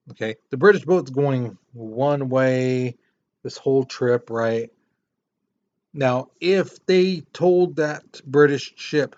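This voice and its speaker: A male history teacher lecturing a class in a relaxed, conversational way. His voice sits at an ordinary middle pitch. The recording is a little dull and lo-fi. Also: measured pace. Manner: casual, conversational explaining with repetitions.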